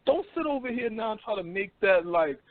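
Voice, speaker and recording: High-voiced, animated man on phone-line radio. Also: fairly quick, no echo. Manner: animated, profane, swings between mocking voices. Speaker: radio show host. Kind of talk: casual call-in radio talk.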